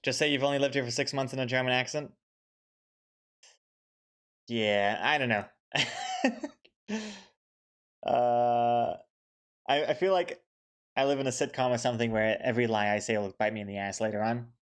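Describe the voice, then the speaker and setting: Brief: man, mid pitch, comic artist on a live stream, loose rambling chat, pokes fun at himself. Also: very animated. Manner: chatty, self-deprecating, talks to viewers in the chat; quick rambling bursts with many fillers. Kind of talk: casual live-stream chat while drawing.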